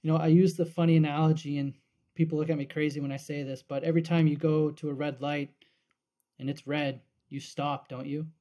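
Mellow man, friendly podcast co-host. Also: on the high side, flat delivery, brisk. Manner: thoughtful, repeats words when starting sentences. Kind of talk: casual podcast chat.

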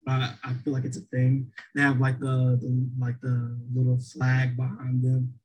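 Husky-voiced man, co-host, casual and rambling, heavy on fillers. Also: medium pitch, monotone, a little slow, a little mellow, poor audio. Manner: rambling, many restarts and fillers. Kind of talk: casual chat.

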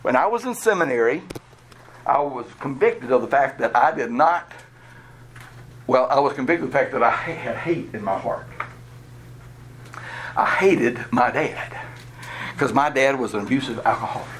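A man's voice: mid-range voice, animated, normal speed, pauses often, fairly bright tone, a little hiss or hum. A man from Georgia, preaching a sermon through a candid personal story and chuckling at himself. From Georgia, USA. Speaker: pastor.

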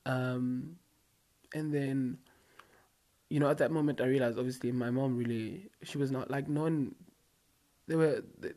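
A young man talks straight to his viewers in a loose, slangy storytime. He rambles through asides and fillers, and his voice sits at an ordinary middle pitch. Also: mellow. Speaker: vlogger. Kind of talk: casual storytime monologue.

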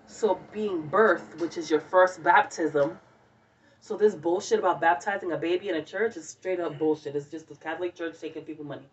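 A woman co-hosting a casual podcast chat, telling stories in an animated, profane way, heard on a dull, distant lo-fi recording. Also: lowish voice, moderate pace, slight background noise. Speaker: podcast co-host.

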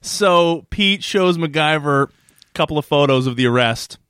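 A man's voice: a little high, animated, moderate pace, fairly bright tone, smooth, dry recording, studio quality. A man co-hosting a casual podcast, rambling through an episode recap, laughing often and restarting his sentences. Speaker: podcast co-host.

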